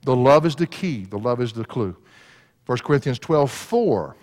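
A man's voice: mid-range voice, animated, normal speed, darkish tone. A man preaching a sermon, folksy and laughing at his own stories. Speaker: pastor. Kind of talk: sermon with storytelling. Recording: long hall reverb.

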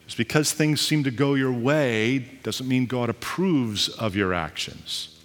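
A man, a pastor, preaching a sermon in a lively, conversational way with casual asides and jokes. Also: mid-range voice, unhurried. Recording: long reverb of a hall.

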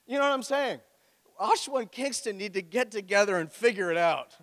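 A man's voice: high voice, fairly quick, a bit bright. A man preaching a sermon as pastor, with a joking, conversational storytelling manner. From Ontario, Canada. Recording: echoey hall.

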